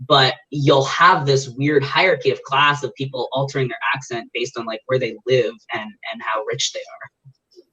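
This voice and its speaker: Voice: medium pitch, fairly even intonation, normal speed, pushed and bright, slightly rough, dull audio. A guest in a casual interview chat, explaining ideas at length with frequent restarts.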